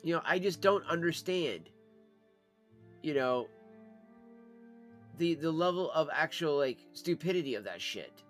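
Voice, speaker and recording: A man rants on a live stream, exasperated and swearing freely as he talks. His voice sits somewhat high for a man. Faint background music plays underneath. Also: expressive, a little slow, long pauses, fairly bright tone. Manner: profane, exasperated ranting. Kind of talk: casual live-stream rant.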